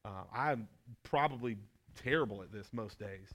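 A man's voice: fairly low pitch, normal speed, a bit bright. A male pastor leading a conversational sermon with his wife, joking, self-deprecating and asking her questions. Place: church room with a group.

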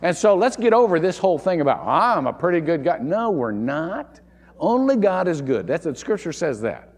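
A man's voice: a little high, sing-song, normal speed, big-room sound. A man preaching a sermon as pastor, stressing and repeating key words for emphasis, recorded in a church. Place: church sanctuary.

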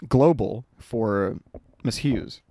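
A man's voice: fairly low pitch, very slow, dark tone, dry recording. A man in his twenties on a podcast, telling a story in casual chat, swearing freely and laughing as he goes. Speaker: podcast co-host.

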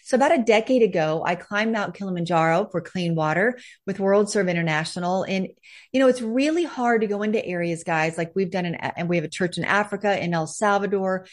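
A woman's voice: medium pitch, fairly quick. Woman, podcast host, effusive and upbeat, mid-range voice. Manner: enthusiastic, effusive. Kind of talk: faith podcast interview.

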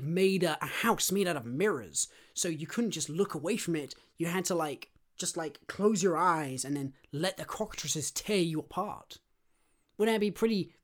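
A man co-hosting a casual podcast chat, excitable and rambling, full of fillers. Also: on the high side. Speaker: podcast co-host.

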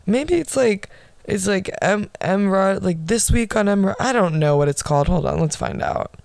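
A woman's voice: mid-range voice, lively intonation, moderate pace, creaky, a little mellow, no room sound. Blunt, profane young woman ranting. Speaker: podcast host. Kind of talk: solo podcast rant.

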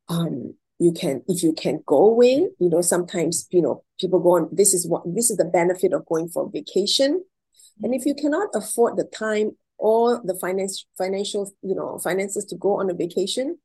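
Husky-voiced woman giving spiritual advice. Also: mid-range voice, rough recording. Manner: animated, acts out dialogue in a story. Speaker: guest speaker. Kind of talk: inspirational talk with storytelling.

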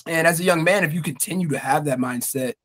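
A man's voice: on the high side, fast, fairly bright tone. A young man hosting a casual podcast, talking in an earnest, heartfelt way and swearing freely. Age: young adult. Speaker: podcast host.

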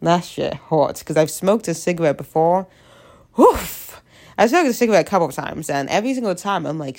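A woman's voice: on the low side, expressive, a little fast, darkish tone. A young woman with a stuffy head cold chatting casually in a rambling, self-deprecating, jokey way. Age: young adult. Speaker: vlogger. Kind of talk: casual confessional chat.

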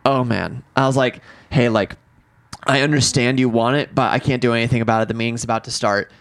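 A man in his twenties, a podcast co-host, telling a story in a casual, animated way, swearing freely and acting out what people said. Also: mid-range voice, brisk, smooth. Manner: animated, swearing, acts out quotes.

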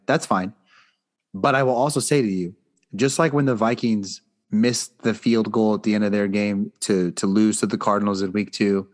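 Low-voiced man ranting about football. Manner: profane, fired-up rant. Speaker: podcast co-host. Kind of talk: casual sports chat.

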